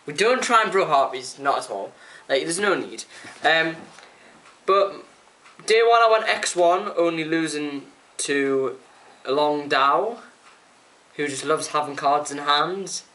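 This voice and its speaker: Chatty, bright young man. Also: a little high, takes it slowly. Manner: chatty and excitable, many fillers, acts out quotes. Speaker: card game player reviewing a tournament. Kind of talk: casual vlog recap.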